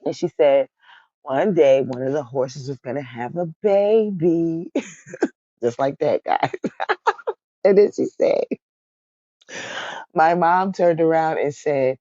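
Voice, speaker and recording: A woman with a somewhat low, warm voice speaks a little slowly, recapping a reality show in a chatty, casual way. She keeps laughing mid-sentence and calls her viewers "y'all." The recording is dry with no echo and has a dull, lo-fi quality.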